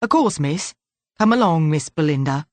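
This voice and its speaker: A woman's voice: deep voice, animated, normal speed, a little mellow, dry recording. A woman voicing a big, kindly male police sergeant in an audiobook, polite in manner.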